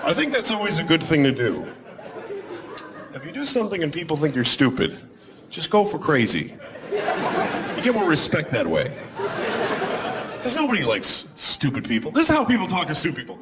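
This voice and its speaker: A man's voice: on the high side, wildly swooping pitch, moderate pace, pauses often, very noisy. A man in his forties performing a stand-up set on a concert hall stage, rambling and self-deprecating as he acts out scenes. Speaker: stand-up comedian. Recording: live concert recording with loud crowd. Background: loud laughing audience.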